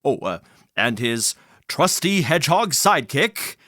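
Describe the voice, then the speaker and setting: A man's voice: medium pitch, very animated, unhurried, pushed and bright, dry recording, clean studio sound, pitched below the performer's own voice. A man voicing a grand male show announcer in a theatrical announcer delivery. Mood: announcing.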